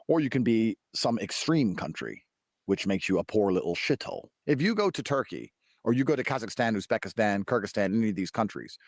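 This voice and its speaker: A man's voice: lowish voice, no echo, studio quality. A man arguing his point emphatically and with sarcasm. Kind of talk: argumentative talk.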